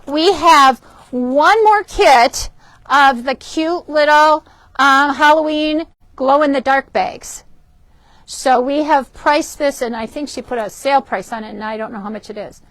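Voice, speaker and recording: A woman with a high, bright voice hosts a relaxed live-stream demo in a fabric shop, showing off fabrics and books. She's chatty and upbeat, unhurried, and often stumbles with ums and self-corrections. The recording is dry and close, with no room echo.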